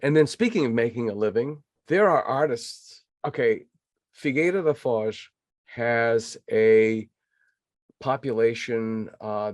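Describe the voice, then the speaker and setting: A man in his sixties from New England, hosting a podcast in casual interview chat, telling stories in an animated way with lots of fillers. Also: medium pitch, no room sound, clean studio sound. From New England, USA. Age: 60s. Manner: animated storyteller with many fillers. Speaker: podcast host.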